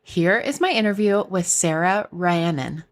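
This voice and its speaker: A woman's voice: lowish voice, expressive, unhurried. A woman hosting a podcast, chatty and upbeat, laughing easily. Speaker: podcast host. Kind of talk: casual podcast chat.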